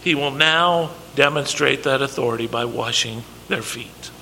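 A man preaches a sermon at medium pitch and normal speed, his voice pushed and bright with vocal fry. He's emphatic and acts out quoted lines from scripture. The recording has long reverb and faint background noise.

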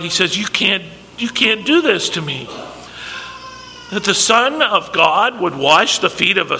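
A man preaches an emphatic sermon, acting out quoted lines of scripture as dialogue. His voice sits high, pushed and bright, and the recording carries long reverb with faint background noise.

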